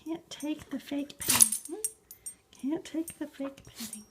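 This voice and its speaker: A woman's voice: high voice, measured pace, slight background noise. A woman talking to her pet dog at home, coaxing and praising it in baby-talk that often drops to a whisper. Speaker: dog owner.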